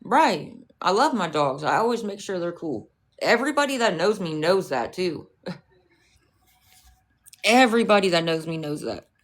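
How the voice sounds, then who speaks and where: Brief: woman streamer, lowish voice, swears freely, argues with her chat. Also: expressive, moderate pace, long pauses. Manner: profane, confrontational, scolding chat. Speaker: livestreamer. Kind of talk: casual livestream rant.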